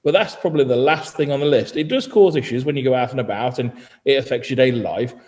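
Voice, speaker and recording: A man's voice: medium pitch, fast talker, darkish tone, long reverb tail. A man chatting on a podcast as journalist and co-host, telling stories and mimicking other people. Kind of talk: casual podcast chat.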